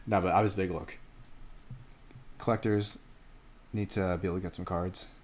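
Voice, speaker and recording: A man's voice: deep voice, unhurried, a little hiss or hum. A man hosting a casual card break stream, joking around and chatting while opening packs. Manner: joking, animated, laughs often. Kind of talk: casual livestream commentary.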